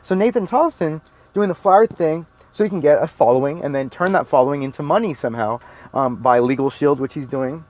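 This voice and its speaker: Man, higher pitch, heated profane rant, repetitive and blunt. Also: brisk, a little mellow. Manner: heated, blunt and profane, repeats his points. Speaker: video commentator. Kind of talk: ranting monologue.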